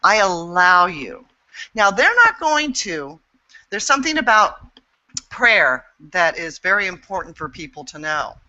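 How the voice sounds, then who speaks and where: Frank, outspoken woman with a bright voice. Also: medium pitch, very animated, measured pace, lo-fi sound. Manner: frank and outspoken, swears freely; earnest and emphatic. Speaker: guest, intuitive healer. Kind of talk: candid interview talk.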